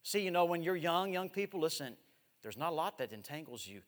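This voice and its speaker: A man in his forties preaching a missionary sermon, swinging from loud exhortation to hushed, drawn-out words. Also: fairly high pitch, big pitch swings. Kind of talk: evangelistic sermon with live demonstration. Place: large church sanctuary. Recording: echoey church hall.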